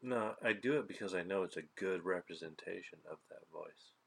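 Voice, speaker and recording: A man's voice: sits low, brisk, gravelly, a bit bright, husky. A man co-hosting a podcast in casual chat, with a dry, teasing manner. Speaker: podcast co-host.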